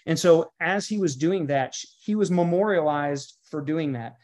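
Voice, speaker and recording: A pastor in a podcast interview, speaking with a somewhat high voice for a man. He talks in an earnest, emphatic teaching tone. He stacks up repeated phrases the way a preacher does. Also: moderate pace, a little mellow. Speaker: pastor and guest author.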